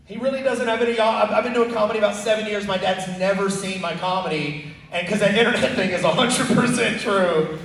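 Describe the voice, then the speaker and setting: A man performing a fast, animated stand-up comedy set on a club stage, with loud punchlines. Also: high-pitched, creaky, slight background noise. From Texas. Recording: echoey club from far off. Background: audience laughter.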